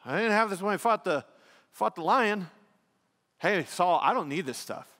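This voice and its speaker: Pastor putting on a brash young shepherd David. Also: male voice, high-pitched, animated, moderate pace, sharp tone, in a large hall, voice pushed up, heavily acted. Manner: casual modern slang, brash.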